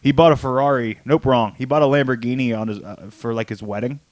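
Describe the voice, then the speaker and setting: A man's voice: mid-range voice, fairly even intonation, fast, a little mellow, no room sound. A man co-hosting a casual comics podcast, retelling a story in a loose, rambling way and acting out the lines in his own voice. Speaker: podcast co-host. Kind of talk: casual chat about comics.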